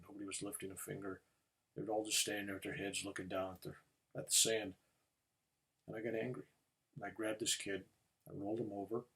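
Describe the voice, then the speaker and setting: An older man, a reverend, telling a personal testimony in an earnest storytelling way that rises to loud urgency. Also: fairly low pitch, slightly rough.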